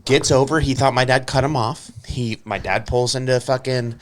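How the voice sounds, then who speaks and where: A man's voice: mid-range voice, fairly even intonation, normal speed, a little hiss or hum. Profane, rambling male storyteller. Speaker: podcast co-host. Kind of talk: casual storytelling.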